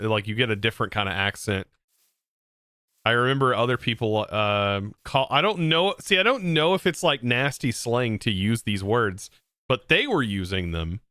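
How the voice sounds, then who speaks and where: A man's voice: medium pitch, pushed and bright, clear, resonant tone, dry recording, clean studio sound. A man streaming a game, chatting casually in a rambling way with restarts. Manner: rambling, with frequent restarts and laughs. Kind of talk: casual gameplay livestream chat.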